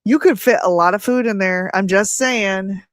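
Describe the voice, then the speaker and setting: A middle-aged woman hosts a relaxed interview and chats in a rambling, storytelling way, laughing often. Her voice sits at an ordinary pitch. It is close and dry, with no room sound. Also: moderate pace, dry recording. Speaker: host. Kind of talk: casual interview chat.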